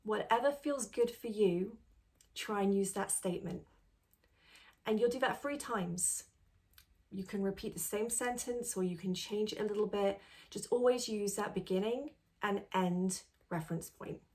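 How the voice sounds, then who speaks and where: A woman coach teaching beginners a tapping routine in a gentle, reassuring, step-by-step way. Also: medium pitch, unhurried. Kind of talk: instructional tutorial.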